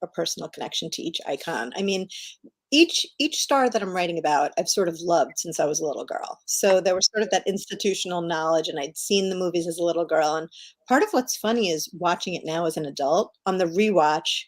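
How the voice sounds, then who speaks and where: A woman's voice: lowish voice, lively intonation, brisk. Woman, middle-aged, guest author, enthusiastic storyteller, casual interview, video call.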